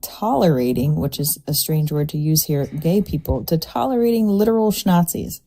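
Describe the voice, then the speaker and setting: A woman's voice: low-pitched, animated, moderate pace, mellow, soft background music. A woman filling in as a panelist on a livestream, speaking bluntly and sardonically. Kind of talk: casual livestream chat.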